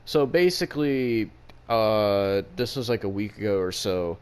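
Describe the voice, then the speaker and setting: A man's voice: lowish voice, animated, a little slow, clear, resonant tone. A man co-hosting a casual podcast, telling a rambling story full of profanity. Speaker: podcast co-host.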